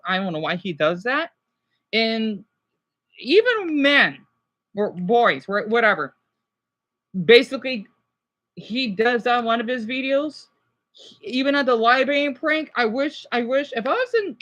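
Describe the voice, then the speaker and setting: This livestreamer's reaction commentary rambles anxiously: he stammers, restarts his sentences, apologizes a lot and sounds overwhelmed and stressed. His voice is extremely high-pitched, pushed and bright.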